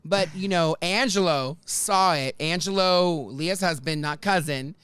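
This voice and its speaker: A podcast host telling a story in casual chat, animated and swearing often, acting out what people said. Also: male voice, a little high, a little slow, clean tone, no echo.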